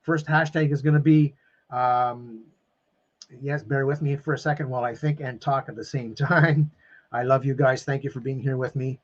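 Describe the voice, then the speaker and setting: Male live-stream coach, effusive and repetitive, average pitch, slightly dull streaming audio. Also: fairly even intonation, moderate pace. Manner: emphatic, repeats phrases, calls viewers "my friends"; openly emotional and effusive. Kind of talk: live-stream talk to viewers.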